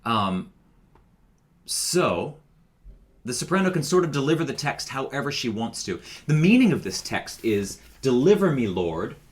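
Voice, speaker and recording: A man's voice: mid-range voice, very animated, measured pace. Patient man leading a choir rehearsal. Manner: patient, step-by-step explaining. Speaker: choir director. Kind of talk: recorded choir rehearsal instruction.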